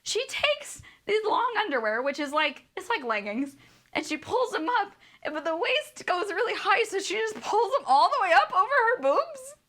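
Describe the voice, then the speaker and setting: A woman's voice: very high-pitched, very animated, normal speed, fairly bright tone. A woman streamer ranting a profane, sarcastic book review.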